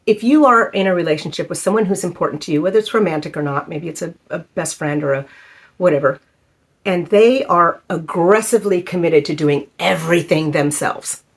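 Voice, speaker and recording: Woman in her fifties telling a story. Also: lowish voice. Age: 50s. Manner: emotional, halting, many fillers. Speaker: vlogger. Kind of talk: personal storytelling.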